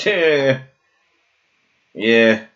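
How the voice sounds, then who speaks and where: A man's voice: mid-range voice, very slow, muffled recording. A young man co-hosting a casual podcast chat, swearing and joking with friends. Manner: animated, swearing, jokey impressions. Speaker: podcast co-host.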